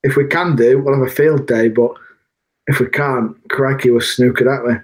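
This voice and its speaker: A man trading blunt, jokey banter as a football podcast co-host, with the odd mild swear. His voice has an ordinary middle pitch. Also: fairly even intonation, moderate pace. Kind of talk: casual football podcast chat.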